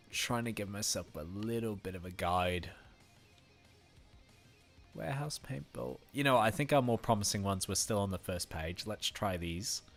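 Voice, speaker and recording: Man, Australian accent, lowish voice, casual gaming stream chat, laughs a lot. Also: a bit bright. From Western Australia. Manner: chatty, laughs often, thanks viewers by name. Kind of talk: casual live-stream commentary.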